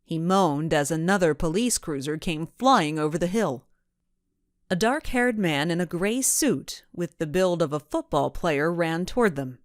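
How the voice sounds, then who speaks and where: A woman narrates a children's storybook in a low, expressive voice. She reads slowly, her pitch rising and falling with lively range. The recording is dry and close. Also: no room sound. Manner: expressive, measured. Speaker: audiobook narrator.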